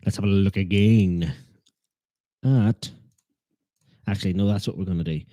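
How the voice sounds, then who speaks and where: A man's voice: low-pitched, moderate pace, mellow, no echo. A man hosting a live football watchalong stream, chatting in a joking, self-deprecating way and teasing his viewers. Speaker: fan channel host.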